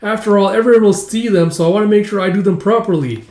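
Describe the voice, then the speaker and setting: A man voicing a flustered young woman embroiderer who rambles quickly, in a roomy-sounding recording. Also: sits high, a little mellow, pitched above the performer's own voice. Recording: roomy echo.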